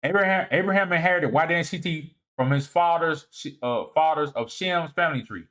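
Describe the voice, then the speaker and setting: A man presenting a lecture over slides in a casual, halting way. He often repeats and restarts his words, checks in with "all right?", and swings between emphatic rises and low muttered asides. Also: fairly bright tone. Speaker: presenter of a video series. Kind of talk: lecture walking through slides.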